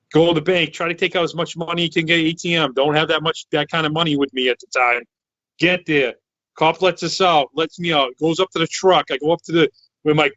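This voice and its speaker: A loud, excitable man in his thirties, from Massachusetts, rambles through a story with many restarts. His voice is bright and forceful and sits a little high. The sound is dry and slightly dull, like a lo-fi online call. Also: dry recording. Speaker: podcast co-host. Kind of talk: casual storytelling chat.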